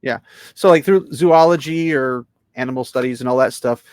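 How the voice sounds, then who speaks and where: A man co-hosting a casual trailer reaction, sarcastic and animated, laughing often. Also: medium pitch, moderate pace, no echo.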